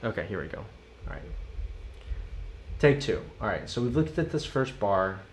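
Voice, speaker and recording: A man's voice: lowish voice, very animated, moderate pace, a little hiss or hum. A man teaching a live-streamed drum lesson. He talks through rhythms by chanting the sticking in syllables, casually and encouragingly, and chats with viewers.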